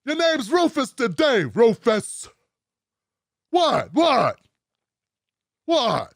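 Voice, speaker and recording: A man's voice: very high voice, wildly swooping pitch, extremely slow, gravelly, no echo, studio quality, exaggerated voice. A man doing a mocking impression of a brash, defensive older male politician who keeps feigning innocence. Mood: mock-innocent. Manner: mocking exaggerated impression, repeating questions.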